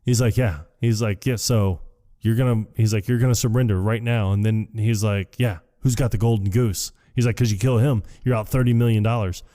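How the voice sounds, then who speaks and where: Low man retelling a film with voices. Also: steady tone, a little fast, warm tone. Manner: acts out quotes in shifting voices, laughs often. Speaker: podcast co-host. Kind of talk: casual chat recapping a film.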